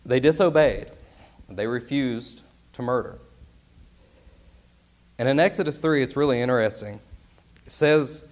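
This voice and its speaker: An earnest male preacher delivering a sermon with plenty of emphasis, leaning into key words. He keeps checking in with his listeners through rhetorical questions, at an ordinary pitch for a man. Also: unhurried, pauses often.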